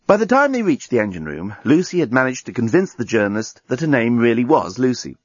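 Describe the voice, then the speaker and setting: Husky male audiobook narrator. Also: medium pitch, very animated, brisk, no echo. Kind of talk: audiobook reading of a comic sci-fi story. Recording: dull lo-fi recording.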